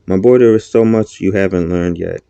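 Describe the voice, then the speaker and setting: A man's voice: low-pitched, moderate pace, gravelly, dark tone, clean tone, no room sound. A man voicing an ancient fatherly divine spirit, speaking in a solemn, consoling way on a dull lo-fi recording.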